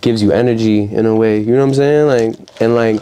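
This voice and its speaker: Young New York man, dark mellow tone, casual storyteller who acts out quotes loudly. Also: on the low side, fairly even intonation, a little fast, smooth. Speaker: rapper guest. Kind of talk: casual interview chat.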